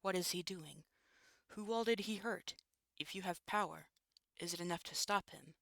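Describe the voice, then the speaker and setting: A streamer narrating a visual novel aloud in steady storybook fashion, with occasional asides. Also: mid-range voice, normal speed, creaky, no room sound, clean studio sound.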